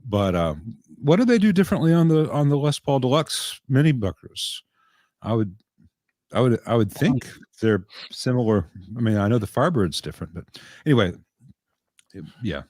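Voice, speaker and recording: A man's voice: medium pitch, sing-song, moderate pace, a little mellow, no echo. An American man with a light Southern accent, talking casually about amp repair as a guest on a live call, joking dryly and often restarting his sentences. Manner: chatty, dry humor, frequent restarts.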